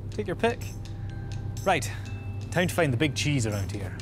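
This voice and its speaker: A man's voice: mid-range voice, big pitch swings, moderate pace, long pauses. A young man presenting a Gaelic learning show, cracking puns in a playful, upbeat manner. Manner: punning, jokey, upbeat. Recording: music bed behind voice.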